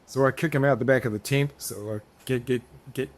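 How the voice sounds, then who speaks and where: A man's voice: mid-range voice, fairly even intonation, fast talker. A man as a podcast guest, telling stories in a rambling, casual way, swearing freely and restarting his sentences. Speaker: podcast guest, business founder. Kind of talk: casual storytelling interview.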